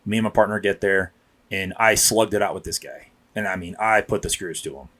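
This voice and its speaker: This thirties-aged cop spins meandering tales in relaxed podcast banter, often starting over and performing the lines he quotes. He speaks briskly in a fairly low, steady voice with a bright, forceful tone.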